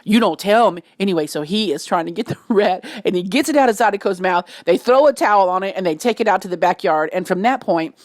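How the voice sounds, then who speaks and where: A woman's voice: mid-range voice, fast talker, hardly any pauses, dry recording, clean studio sound. A woman with a Cajun accent telling a wild home story in casual Southern speech, with sudden shrieks and laughter. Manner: animated, breaks into shrieks and laughter.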